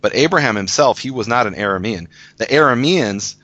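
Bright-voiced man explaining patiently. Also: medium pitch, expressive, brisk, no echo, muffled recording. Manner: patient, explanatory, with frequent restarts. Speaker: guest teacher of Hebrew scripture. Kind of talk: casual explanatory discussion.

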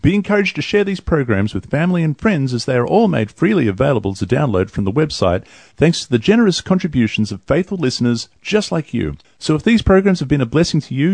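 An Australian man hosting a radio program, chatty and upbeat, with a husky voice. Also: medium pitch, a little mellow, no echo. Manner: upbeat, chatty, laughs easily. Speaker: radio show host. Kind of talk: casual radio talk.

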